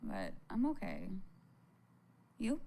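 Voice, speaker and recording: A woman's voice: fairly high pitch, wildly swooping pitch, slow pace, vocal fry, dark tone, slight background noise. A tired woman livestreaming, chatting with viewers in a rambling, frank way. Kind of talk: casual livestream chat.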